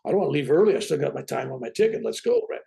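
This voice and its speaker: A man in his seventies, a guest on a talk show, telling his own story in a lively way and often asking "right?". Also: on the high side, very fast, gravelly. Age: 70s. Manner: lively, keeps tagging "right?" onto his points. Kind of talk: animated personal storytelling.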